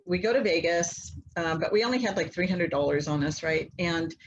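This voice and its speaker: A woman guest telling a long personal story in a casual, animated way, acting out the voices of people in it. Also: on the low side, brisk, muffled recording, slight background noise. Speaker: interview guest, mother.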